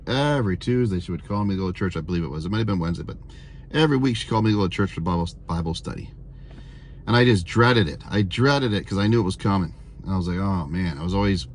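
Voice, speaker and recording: A man in his fifties with a lowish voice shares his testimonies in an earnest, rambling vlog. He circles back and repeats himself, filling gaps with lots of "uh"s and "you know"s. A faint hum sits behind him. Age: 50s. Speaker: vlogger sharing testimonies.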